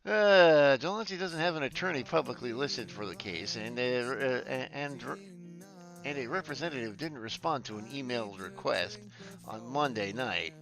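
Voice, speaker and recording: A man streaming casually, chatty and quick to laugh, swearing freely and stumbling as he reads news and chat aloud. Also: mid-range voice, lively intonation, pushed and bright.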